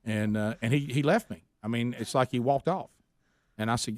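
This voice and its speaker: A man's voice: mid-range voice, moderate pace, no echo. A man hosting a radio show, telling a long story in a casual, rambling way with many restarts.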